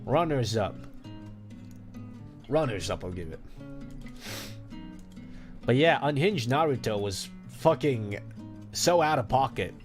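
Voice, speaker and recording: A man's voice: medium pitch, lively intonation, slow, long pauses, faint music behind. A man streaming as a VTuber, chatting casually with crude jokes, trash talk and frequent laughter. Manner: crude, joking, trash-talking chat, laughing often.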